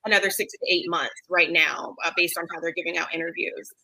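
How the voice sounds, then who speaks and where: A woman's voice: fairly low pitch, steady tone, fast, bright, forceful tone, dry recording, poor audio. A woman co-hosting a podcast, explaining things plainly and matter-of-factly in casual chat. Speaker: podcast co-host.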